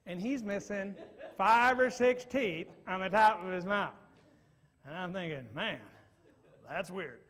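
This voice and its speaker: Animated high-voiced male evangelist. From Michigan. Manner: animated, swings from quiet asides to loud bursts. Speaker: evangelist preacher. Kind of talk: sermon storytelling. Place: church.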